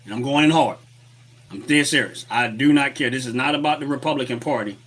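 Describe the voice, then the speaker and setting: Speaking at a brisk clip in a medium-pitched, fairly bright voice, this livestream host rants about politics in a heated, repetitive way. He greets his chat, reads their messages out loud, and is recorded on a desk webcam setup.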